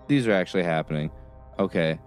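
A man playing in a tabletop game, talking in halting, restarting phrases. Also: low-pitched, a little mellow, clear, resonant tone, soft background music. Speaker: player. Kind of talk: casual tabletop play.

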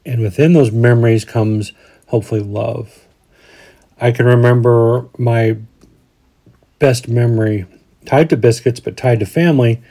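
Speaking in a mellow mid-range voice with fairly even intonation, the Colorado podcast host takes his time and pauses often. He's a man in his forties whose casual, folksy chatter rambles and frequently restarts.

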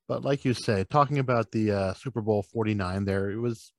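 Guy on a sports podcast, dead dry sound, deadpan jokes. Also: lowish voice, a little fast, no echo. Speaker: podcast co-host. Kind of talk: casual sports podcast chat.

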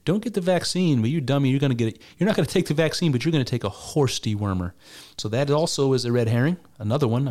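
A man's voice: medium pitch, darkish tone. A man giving casual spoken commentary on clips, argumentative and wry, with frequent restarts and mock laughter.

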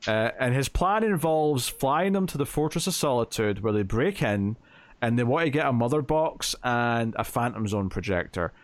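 A man's voice: mid-range voice, expressive, normal speed, dry recording. A man co-hosting a podcast, casually recapping a comic book plot with lots of fillers and quoted lines. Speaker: podcast co-host.

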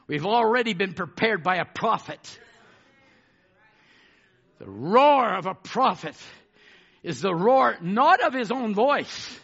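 A man preaching a fiery sermon, fervent, swinging between shouted declarations and hushed asides. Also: high-pitched, vocal fry, muffled recording.

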